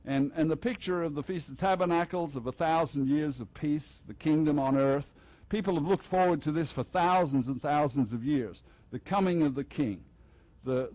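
An older pastor delivers a festival sermon through a headset mic, keeping it loose, jokey, and conversational while acting out small exchanges with the congregation. His voice is on the high side and a bit mellow; the audio is poor but echo-free.

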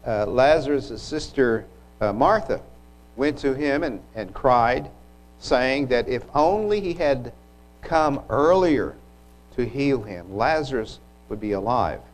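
A man preaching a sermon, retelling scripture in an unhurried, reflective way with occasional restarts. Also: mid-range voice, lively intonation, rough recording.

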